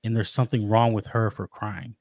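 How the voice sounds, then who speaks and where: A man's voice: on the low side, little pitch movement, brisk, darkish tone, no room sound, clean studio sound. A man guesting on a podcast, talking about being a father in an earnest, reflective way, often restarting his sentences. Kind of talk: casual interview talk.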